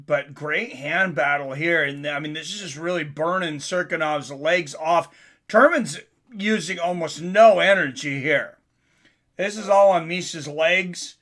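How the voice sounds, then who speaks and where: Guy calling a fight live on stream, high bright voice, gets hyped. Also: unhurried. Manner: excitable, rises to yelling at big moments.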